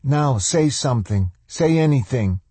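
A man's voice: mid-range voice, lively intonation, unhurried, warm tone, breathy edge, no room sound, pitched above the performer's own voice. A man reading a novel aloud, voicing a blunt, tough-talking woman in a raised voice. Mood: urgent.

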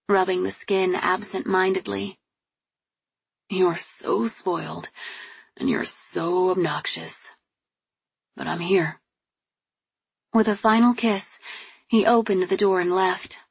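Breathy woman narrating a novel. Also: medium pitch, no echo. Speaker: audiobook narrator. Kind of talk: first-person novel narration.

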